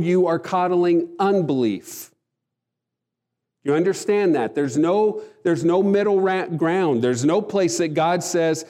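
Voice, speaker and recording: A man's voice: fairly high pitch, warm tone. A man preaching a sermon, earnest and emphatic, often restarting his phrases. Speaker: pastor.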